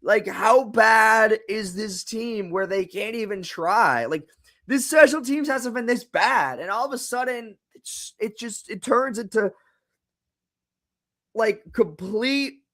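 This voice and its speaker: Young guy on a live football reaction stream, fed up, keeps repeating himself, kinda high voice. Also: slow pace, fairly bright tone. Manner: exasperated, repeats himself, swears. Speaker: live game reaction host.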